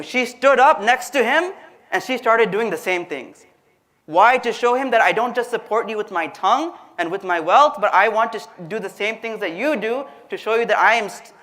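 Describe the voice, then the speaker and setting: Man, religious lecturer, high voice, conversational storytelling sermon, talks to the audience. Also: bright, forceful tone. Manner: conversational, addresses the audience directly, acts out quotes.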